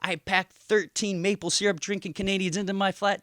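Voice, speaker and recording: An American man in his thirties doing a stand-up comedy routine, telling a story with energetic delivery. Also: high-pitched, brisk, few pauses, dry recording, studio quality. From United States. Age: 30s. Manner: animated storytelling, exaggerated put-on voices.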